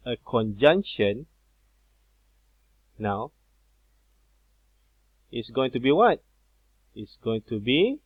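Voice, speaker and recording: A male teacher explains grammar at an unhurried, deliberate pace, often pausing on fillers and repeating key points. His voice sits at a middle pitch. The recording is dry and a little dull, like a laptop mic in a small room. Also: no room sound. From Malaysia. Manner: slow, repetitive explaining with many fillers.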